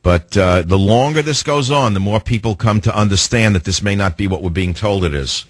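A man's voice: lowish voice, fairly quick, no echo. A man hosting a political talk radio show, combative and sarcastic, firing off rhetorical questions.

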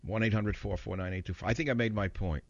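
A man's voice: fairly low pitch, steady tone, fast talker, dry recording, dull audio. A man hosting a talk radio show, combative and mocking as he rants about the news.

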